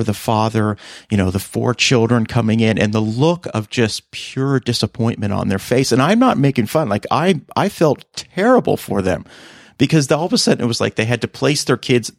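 A male podcast host in easy, casual conversation, telling stories with lots of animation. His voice sits at a middle pitch and rises sharply when he acts out other people. The recording is dry and close, with no room sound. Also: dry recording. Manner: animated storyteller, voice jumps high for quoted lines. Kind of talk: casual chat.

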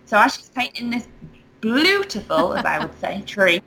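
Animated woman telling a story. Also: medium pitch, moderate pace, creaky, slight background noise, low-quality recording. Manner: animated storyteller, laughs often. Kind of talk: casual chat.

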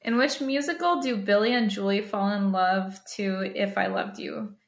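Young woman cohost, lots of likes, gravelly fry, echoey room. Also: medium pitch. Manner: chatty, says "like" a lot, quick bursts of laughter. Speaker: podcast co-host. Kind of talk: casual chat. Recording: roomy echo.

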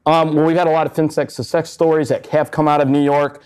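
A man's voice: fairly high pitch, little pitch movement, fast, a little mellow, smooth. Upbeat man hosting a live show. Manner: upbeat, joking, playful. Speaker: podcast host. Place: event space with live audience. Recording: muffled live recording.

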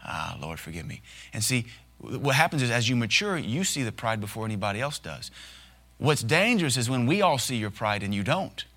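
A man preaching a sermon, his voice bright and forceful. He talks in a folksy, joking way and drops into short acted asides to make a point. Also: medium pitch, expressive, brisk. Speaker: pastor.

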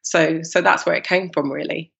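A woman from East London in her thirties with a London accent, telling her story as a podcast guest in an animated, laughing way. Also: sits low, moderate pace, gravelly, lo-fi sound. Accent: London English. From East London, England. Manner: animated, laughing, acts out her past self in quotes. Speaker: guest, cupcake business founder.

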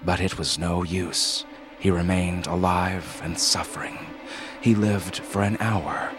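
A man narrating a dark science-fiction story in a measured, dramatic reading. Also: sits low, fairly even intonation, music in the background.

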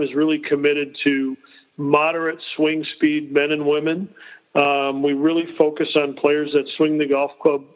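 A man in his fifties, a guest on a casual interview, explaining at length with frequent restarts. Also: fairly high pitch. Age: 50s. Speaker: golf company executive guest. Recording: tinny phone line.

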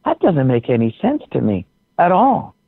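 A man's voice: on the high side, huge pitch swings, normal speed, slightly rough, no echo. A man who teaches martial arts, a podcast guest, speaking passionately and with preachy emphasis. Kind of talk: casual conversation. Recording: tinny phone-like remote line.

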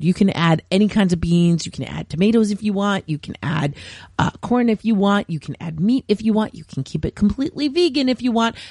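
A podcast host with a hoarse voice, chatting casually and eagerly about a film they loved and urging listeners to watch it. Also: medium pitch, a little mellow, no room sound, clean studio sound. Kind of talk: casual movie review chat.

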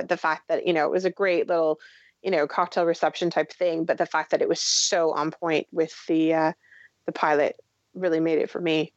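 A woman's voice: low-pitched, no room sound, lo-fi sound. A woman guest on a podcast, chatting enthusiastically and restarting her sentences as she lists things. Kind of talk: casual chat.

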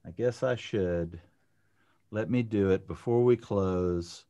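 A man co-hosting a live podcast in casual chat, upbeat and quick to laugh. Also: low-pitched, warm tone, dull audio. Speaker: podcast co-host.

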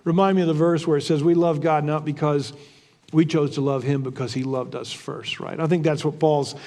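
High-voiced earnest man preaching in a hall. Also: steady tone, fairly quick, a little mellow. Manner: earnest, thinks aloud, repeats and restarts words. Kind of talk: conversational Bible teaching.

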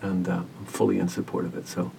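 A man who works as a hospice caregiver, telling a story as a podcast guest in an earnest, gentle, measured way. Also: sits low, level tone, creaky, distant mic, slight background noise. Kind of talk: reflective storytelling interview.

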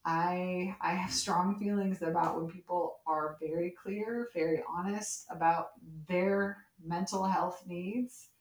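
A woman with a slightly low voice, chatting casually as a podcast co-host. She retells scenes with animation and quotes the characters as she goes. Her voice carries a roomy echo. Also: fairly even intonation, slow, few pauses. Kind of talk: casual chat recapping a soap opera.

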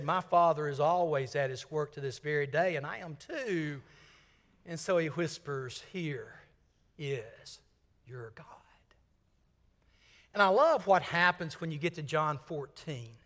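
An older man from Mississippi, preaching a sermon and swinging from loud emphasis to hushed, whispered lines. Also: high voice, long reverb tail. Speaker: senior minister.

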